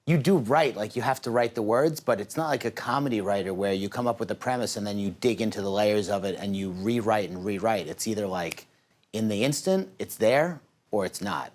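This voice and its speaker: A man's voice: on the low side, animated, brisk, darkish tone. Laid-back young man with filler words. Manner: casual, rambling, with lots of "like". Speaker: guest, meme creator. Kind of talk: TV studio interview. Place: TV studio.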